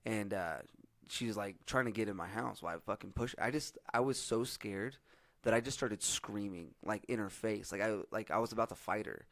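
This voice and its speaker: A hoarse young man hosting a podcast, telling a long story in casual, profane chat with lots of fillers. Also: lowish voice, normal speed, no echo. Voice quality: husky. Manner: profane, rambling, animated storytelling with many fillers. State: hoarse from yelling. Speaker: podcast host.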